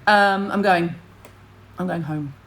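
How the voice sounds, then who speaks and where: A woman's voice: lowish voice, slow pace, a bit bright, rough recording. A middle-aged woman, hosting a casual skincare livestream and chatting to viewers in a blunt, rambling way, with the odd casual swear.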